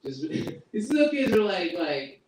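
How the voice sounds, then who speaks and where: A man doing a crude stand-up comedy set at a home open mic, with an animated delivery and squeaky put-on voices. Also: unhurried. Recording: echoey room from far off, noisy.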